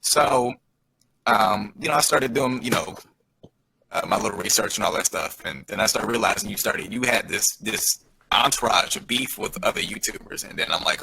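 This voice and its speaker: A man's voice: on the low side, moderate pace, vocal fry, pushed and bright, breathy edge, low-quality recording. A man telling a long, rambling story in casual chat, swearing often and restarting his sentences. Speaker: guest.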